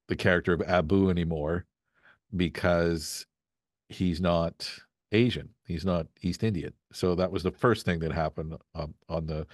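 A man's voice: sits low, no echo, studio quality. A man from Canada, a voice actor, talking as a podcast guest in a rambling, storytelling way, acting out little quotes as he goes. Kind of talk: casual podcast chat.

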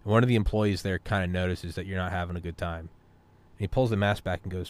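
A man's voice: sits low, fairly even intonation, brisk. A man in casual podcast chat, rambling, swearing and philosophizing as he talks. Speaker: podcast talker.

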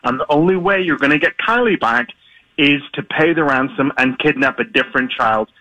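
A man's voice: a little high, a little fast, bright, forceful tone, no room sound, rough recording. A man with an Irish accent, an author guest talking chattily about his book in a radio interview from his apartment. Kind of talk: radio interview by remote line.

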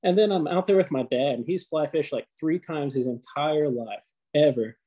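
Husky, animated man telling fishing stories. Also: fairly high pitch, normal speed, low-quality recording. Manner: animated, profane storytelling with fillers. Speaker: podcast co-host. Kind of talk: casual chat.

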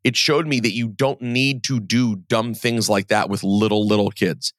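A man hosting a podcast in casual chat, talking in quick asides. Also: on the low side, steady tone, dry recording, clean studio sound. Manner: chatty, quick asides, quotes others in mock voices. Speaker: podcast host.

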